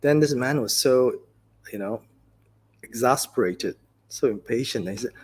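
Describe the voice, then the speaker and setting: A male Buddhist teacher gives a dharma talk with a soft, breathy, slightly husky voice. His pitch sits in the middle of the male range. He talks gently, like a conversation, and tells stories with easy fillers. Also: moderate pace, pauses often. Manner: gentle, conversational storytelling with many "you know"s.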